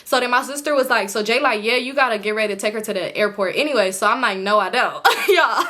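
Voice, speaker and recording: A young woman telling a casual storytime to her viewers, animated and acting out what her friends said, swearing freely and calling her audience y'all. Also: on the high side, quick pace. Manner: animated, acts out quotes of friends. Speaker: vlogger.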